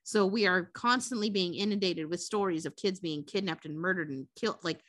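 A woman co-hosting a podcast, recapping a movie in a casual, profane, animated way. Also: lowish voice, a little fast, dry recording, clean studio sound. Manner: profane, animated retelling with quoted character voices. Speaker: podcast co-host.

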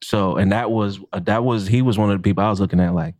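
A man, a chef and podcast co-host, telling a story in a casual, profane and animated way. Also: lowish voice, fast, no room sound. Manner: animated, profane, acts out quotes with laughs.

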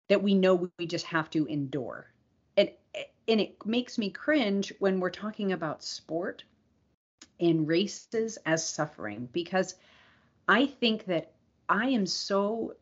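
Earnest low-voiced woman podcaster. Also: muffled recording. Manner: earnest and reflective. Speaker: podcast co-host. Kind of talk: casual conversation.

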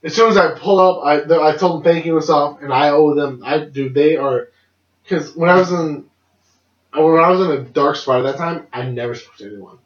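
A young man on a podcast rambles through a long personal story, laughing often and swearing freely. His voice is fairly high and a little fast, and the recording is dull, lo-fi and roomy.

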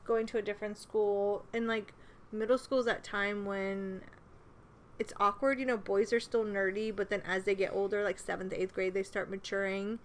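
A woman's voice: mid-range voice, level tone, normal speed, a little hiss or hum. A middle-aged woman in casual podcast chat, talkative and laughing often. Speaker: podcast co-host.

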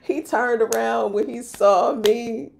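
A woman, hosting a podcast and telling a personal story in an animated, emphatic way. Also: a little high, takes it slowly, gravelly, a little hiss or hum. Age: 30s. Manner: animated, emphatic, slips into voicing others. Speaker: podcast host.

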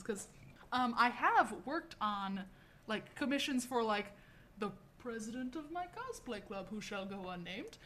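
A woman's voice: on the high side, lively intonation, normal speed, a bit bright. A young woman co-hosting a casual podcast chat, rambling and self-mocking with lots of fillers and restarts. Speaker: podcast co-host.

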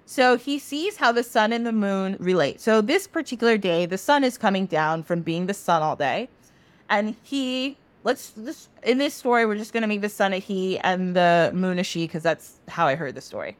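A woman podcast host retelling a myth in a casual, animated way, swearing freely. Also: medium pitch, moderate pace, dry recording.

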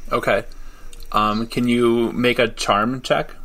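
A man narrating a tabletop role-playing game as game master, halting, with many ums and frequent laughter. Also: medium pitch, level tone, noisy background. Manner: halting, full of ums and likes, laughs often.

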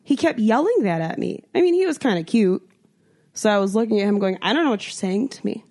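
A young American woman chatting on a podcast, telling a story and acting out what people said. She swears freely, and her pitch leaps up whenever she quotes someone. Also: animated, quick pace, warm tone. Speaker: podcast co-host. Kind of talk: casual chat.

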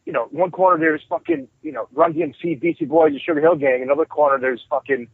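Man with a husky voice on a tinny phone line. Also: a little high, fast, no room sound. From New York. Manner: profane, rambling, animated storyteller. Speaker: guest musician. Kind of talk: casual storytelling interview.

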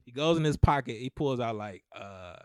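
A young man, telling a story to friends in casual chat, animated and repeating himself to hold the floor. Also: mid-range voice, normal speed, no room sound, studio quality. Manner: animated, repeats "so listen", acts out quotes.

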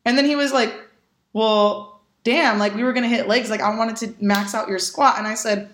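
Her fairly high voice keeps a normal pace as this young adult woman, a podcast guest, animatedly spins casual stories. She laughs a lot, curses freely and acts out the dialogue, all captured in an echoey room.

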